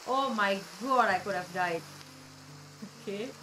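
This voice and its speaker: Slow-talking excitable woman gamer. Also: mid-range voice, a little hiss or hum. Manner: chatty and excitable, talks to game characters, swears casually. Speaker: gamer playing a video game. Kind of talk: let's play commentary. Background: soft game music.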